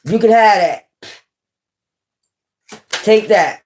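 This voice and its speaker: A woman's voice: medium pitch, animated, slow pace, pauses often, slight background noise. A woman tarot reader in a casual, scornful rant, blunt and profane, hammering her points home by repeating them. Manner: repetitive, emphatic.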